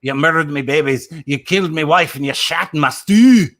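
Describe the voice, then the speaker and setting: A man's voice: fairly high pitch, brisk, a bit bright, pitched above the performer's own voice, natural voice. Man doing a broad Scottish accent: angry, crude stage dad, indignant. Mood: outraged.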